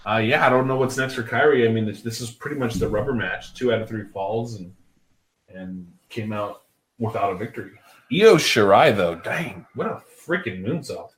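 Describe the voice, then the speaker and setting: A man's voice: lowish voice, moderate pace. A man co-hosting a casual wrestling podcast, laid-back and chuckling. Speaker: podcast co-host.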